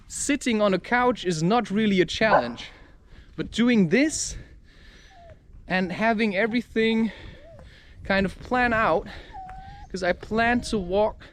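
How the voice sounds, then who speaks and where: High-voiced man ranting energetically outdoors. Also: a little hiss or hum. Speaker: vlogger. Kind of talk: walking vlog talk to camera. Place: outdoors in a park. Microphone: camera mic.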